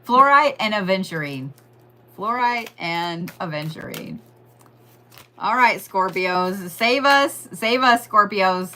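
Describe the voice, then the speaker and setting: A woman's voice: lowish voice, expressive, slow pace, pushed and bright. A woman giving a casual, rambling astrology reading, joking and swearing as she talks straight to her listeners. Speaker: astrology and Reiki host.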